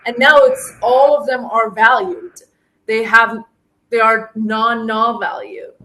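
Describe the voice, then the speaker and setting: High-voiced woman telling animated work stories. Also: takes it slowly, a little hiss or hum, rough recording. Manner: animated storytelling, many fillers and restarts. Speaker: data scientist guest. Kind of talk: casual interview conversation.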